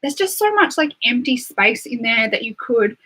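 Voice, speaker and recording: Aussie girl livestreaming, chatty, says like a lot, highish bright voice. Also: very animated, moderate pace, breathy edge, rough recording. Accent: Australian. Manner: chatty, full of "like" and "um" fillers. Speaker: beauty livestreamer. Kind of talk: casual live stream chat.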